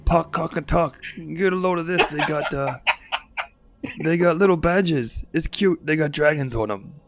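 A man's voice: on the high side, normal speed, pitched above the performer's own voice, natural voice. A man voicing a crude, mocking male orc thug in a tabletop game. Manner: taunting, jeering.

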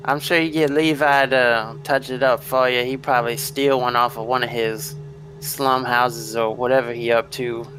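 A man voicing a smooth-talking male vampire who speaks in easygoing street slang. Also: medium pitch, flat delivery, normal speed, noisy background, close to an everyday voice. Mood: casual.

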